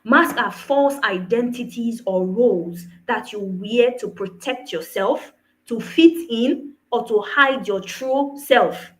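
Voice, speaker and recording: A woman's voice: fairly high pitch, slow pace, rough recording. A woman coach giving an earnest motivational talk, often checking in with her listeners through rhetorical questions. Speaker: personal development coach.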